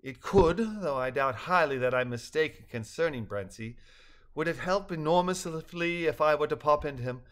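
A man's voice: on the high side, lively intonation, moderate pace, fairly bright tone. An older man voicing a polite, sensitive balloon creature that speaks formally and courteously in a read-aloud story. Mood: gently formal.

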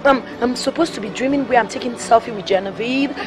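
A woman's voice: a little high, fast, natural voice. An actress with a Nigerian accent playing a spoiled young woman who craves fame and luxury, whiny and pleading in a film. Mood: insistent. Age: young adult. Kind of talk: film acting.

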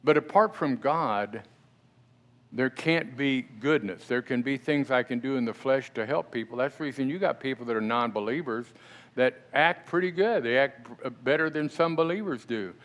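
In a church sanctuary, a middle-aged pastor delivers a sermon in a conversational way, often putting questions to the congregation. He speaks at a normal speed with a medium-pitched, fairly bright voice.

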